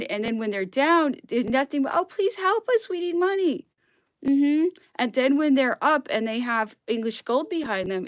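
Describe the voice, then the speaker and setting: In this solo vlog, a woman with a higher-pitched voice reads history aloud with real passion, slipping into whispers at moments and coming close to tears. The recording is dry.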